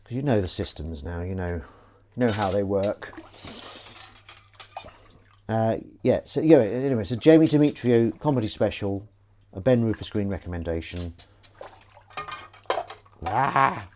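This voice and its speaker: Standing at his kitchen sink doing dishes, a livestream host chats and reads viewer comments in a lowish, expressive voice at a moderate pace. The background is noisy with running water and clinking cutlery.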